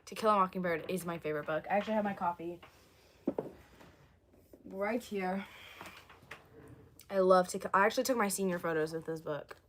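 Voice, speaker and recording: A young woman in casual livestream chat, rambling from one thought to the next while she answers viewers. Her voice sits a little low and is wearing thin, as though she is losing it. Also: a little fast, pauses often, a bit bright, slight background noise. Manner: chatty, rambling, reads and answers viewer comments.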